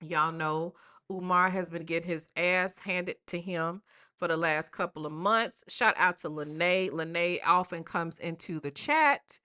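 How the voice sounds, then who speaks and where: Woman host, bright voice, sassy, animated, chatty commentary. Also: lowish voice, measured pace, clear, resonant tone. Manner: sassy, animated, addresses chat directly. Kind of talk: casual commentary.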